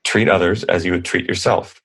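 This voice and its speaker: A man's voice: low voice, fairly even intonation, fairly quick, creaky, a bit bright, breathy edge. A man in his thirties, a podcast guest, telling stories in a rambling, earnest, casual way. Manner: rambling, earnest, lots of restarts. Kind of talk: casual conversational storytelling.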